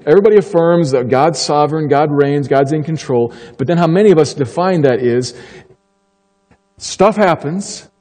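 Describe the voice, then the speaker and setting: A man preaching a sermon as pastor, emphatic and slowing down to stress key phrases. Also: fairly high pitch, dark tone, big-room sound.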